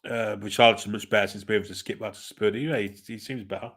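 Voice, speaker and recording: A man hosting a live football watchalong, calling the play in a relaxed, wry way and chatting with viewers. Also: fairly low pitch, fast talker. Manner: laid-back, chatty, wry. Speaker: watchalong host. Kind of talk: casual live match commentary, reading chat.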